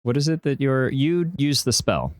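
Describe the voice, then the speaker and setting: A man narrating a tabletop game as game master on a podcast, telling the scene in a descriptive, animated way. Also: mid-range voice, moderate pace, no echo, clean studio sound.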